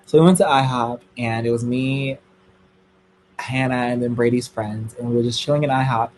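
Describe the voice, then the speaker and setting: A young man telling a dramatic, gossipy story to a live audience in a casual streaming chat, his voice jumping to squealing highs when excited. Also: moderate pace, slight background noise.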